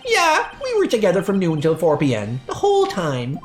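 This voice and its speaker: A woman's voice: on the low side, huge pitch swings, moderate pace, soft background music. A woman voicing a lazy, slangy middle-aged male TV director, in a drawling voice for a voice-acted game playthrough. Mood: boastful. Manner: drawled, full of internet slang. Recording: echoey room.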